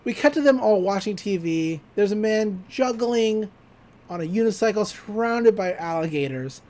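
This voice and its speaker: A podcast host casually recapping a cartoon episode, telling it in an animated way and laughing often. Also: medium pitch, normal speed.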